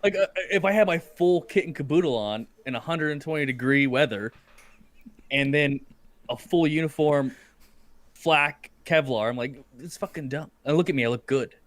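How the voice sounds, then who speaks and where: A man's voice: on the high side, normal speed. Profane laughing man telling war stories. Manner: crude, profane storytelling with lots of laughter. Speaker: podcast host. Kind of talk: casual chat.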